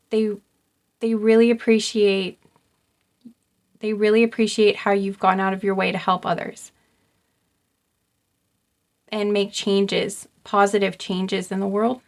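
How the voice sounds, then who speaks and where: A young woman does an intuitive card reading for her viewers. She talks in a soft, halting way, restarting her sentences and filling pauses with ums. Her pitch stays level and even throughout. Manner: soft, halting, repeats herself, many ums. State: getting choked up. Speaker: tarot card reader.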